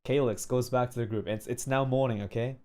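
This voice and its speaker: A man streaming casually, telling a story with animated shouted sound effects and frequent filler check-ins. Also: medium pitch, brisk.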